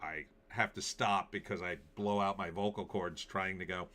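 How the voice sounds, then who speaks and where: A male host talks through the news in a loose, sarcastic ramble, with lots of fillers along the way. His voice sits on the lower side. It is bright and forceful. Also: steady tone, moderate pace. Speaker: show host. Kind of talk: casual political and movie commentary.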